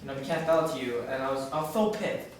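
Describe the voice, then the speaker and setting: A man's voice: medium pitch, expressive, fast talker, close to an everyday voice. A man playing a ditzy teenage valley girl who gushes endlessly in gossipy chatter. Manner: gushing, endless "and I was like" chatter. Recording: echoey room from far off with noise.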